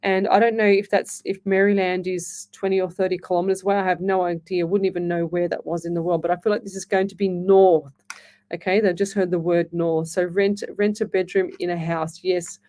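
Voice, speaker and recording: A woman's voice: lowish voice, flat delivery, fairly quick, dark tone. A woman hosting a live radio show as a psychic medium, chatting reassuringly, calling listeners "lovey" and reading out their comments. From Australia. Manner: reads listener comments aloud.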